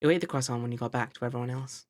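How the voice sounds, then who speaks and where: A woman's voice: extremely low pitch, rapid-fire, noisy background. A woman streamer reading game text aloud expressively in a voice-acted playthrough, with playful asides.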